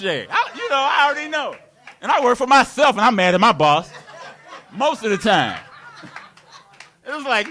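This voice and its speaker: A man's voice: very high voice, big pitch swings, normal speed, long pauses, sharp tone. A man preaching a live sermon in a community worship hall, playful and laughing, with call-and-response.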